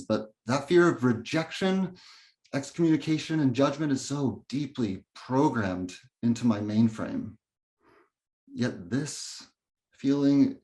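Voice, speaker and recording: A man speaking a dramatic inner monologue, bitter and sardonic, with rising intensity. He takes his time, letting each cutting phrase land slowly. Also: mid-range voice, a little mellow. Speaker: narrator and main character.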